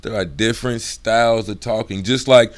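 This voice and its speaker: A middle-aged man hosting his own video, talking casually in slang and acting out the voices he uses, dropping his voice low when he gets serious. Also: steady tone, normal speed. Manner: laid-back slangy, acts out voices, drops low for serious. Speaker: video host. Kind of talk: casual talk to camera.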